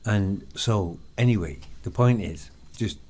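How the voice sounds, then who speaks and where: A man's voice: lowish voice, unhurried, darkish tone. An English man with an English accent in casual podcast chat, rambling with many fillers and frequent swearing. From England. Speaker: podcast guest.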